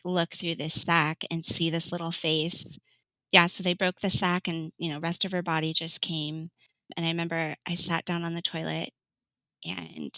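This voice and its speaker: A woman's voice: lowish voice, sharp tone, no room sound, rough recording. A woman in her thirties from California telling her birth story in an interview, chatty, laughing often and acting out what people said. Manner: chatty, laughs often, acts out quoted lines. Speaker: podcast guest.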